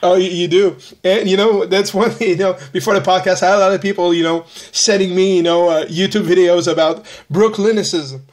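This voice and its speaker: A man with a French accent hosting a podcast, enthusiastic and quick to laugh, halting with many "you know"s. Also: high voice, fairly even intonation, a little mellow. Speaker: podcast host. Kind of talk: casual interview chat.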